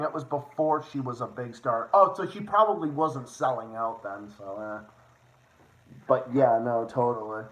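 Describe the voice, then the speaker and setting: A young man hosting a casual livestream, excitable and rambling, swearing often with quick restarts. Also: medium pitch. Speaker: livestream host. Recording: echoey room, faint noise.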